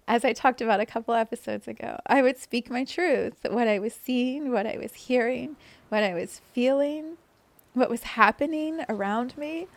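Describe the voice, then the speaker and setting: A woman podcast host telling a personal story in a soft, reflective way, laughing often as she talks. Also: a little high, vocal fry.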